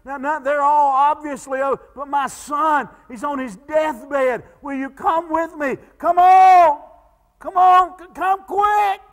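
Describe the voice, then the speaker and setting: Preacher doing a frantic dad begging, high loud stammery pleading. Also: male voice, fairly even intonation, takes it slowly, big-room sound, exaggerated voice. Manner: breathless urgent pleading, stammering repeats. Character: desperate father pleading with Jesus, frantic.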